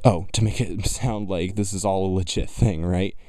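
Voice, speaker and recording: Scornful man with a dry, dark voice. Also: low voice, fairly even intonation, normal speed, no room sound. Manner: scornful, argumentative. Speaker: video commentator reacting to clips. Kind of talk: mocking reaction commentary.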